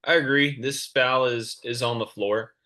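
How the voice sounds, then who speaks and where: Bright-voiced man, clear and measured. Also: mid-range voice, steady tone. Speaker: college basketball official, panelist. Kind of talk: explaining calls at a clinic.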